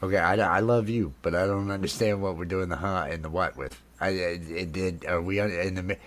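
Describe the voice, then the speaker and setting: A man's voice: low voice, fairly even intonation, a little fast, a bit bright. A man hosting a casual late-night stream, rambling and playful. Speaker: stream host.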